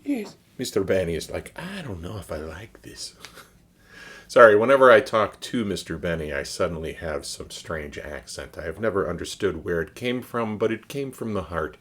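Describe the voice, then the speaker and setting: A man's voice: low-pitched, lively intonation, moderate pace, fairly bright tone. A man giving a casual beer review from his home basement, joking offhandedly as he reads the label aloud.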